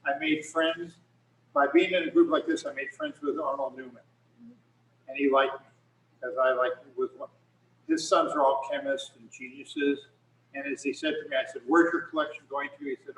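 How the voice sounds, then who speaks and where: A man's voice: mid-range voice, lively intonation, fairly quick, fairly bright tone, distant mic. A middle-aged man, a photographer, telling rambling stories in casual talk on a video call with many restarts. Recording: echoey room, speaker off mic.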